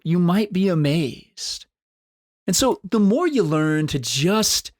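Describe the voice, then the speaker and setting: A man's voice: fairly high pitch, dry recording, studio quality. A man hosting a solo podcast, talking in an earnest, encouraging way and repeating phrases for emphasis. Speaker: podcast host. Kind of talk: solo motivational podcast talk.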